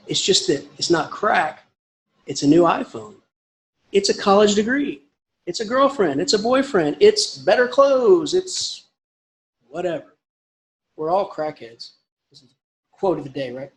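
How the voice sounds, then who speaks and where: A man giving a casual, rambling literature lecture with emphatic asides. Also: high voice.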